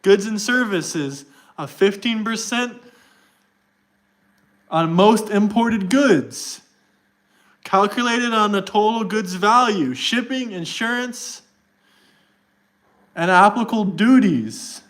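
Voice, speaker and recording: A man's voice: high voice, animated, slow, long pauses, a bit bright. A man livestreaming and arguing with his chat in a combative, mocking way, reading text aloud to prove his point. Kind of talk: live stream chat rant.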